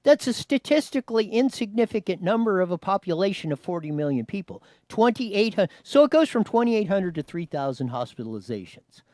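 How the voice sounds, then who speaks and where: Man, news show host, high voice, very lively, dry close sound. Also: fairly quick, few pauses, no echo. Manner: animated, talks to his producer, many restarts. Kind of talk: commentary on a news clip.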